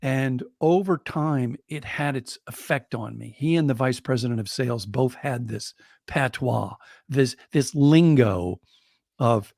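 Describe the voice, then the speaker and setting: A man's voice: medium pitch, gravelly, no room sound, clean studio sound. A man co-hosting a podcast, telling a reflective personal story in a conversational way. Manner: reflective, animated when quoting others.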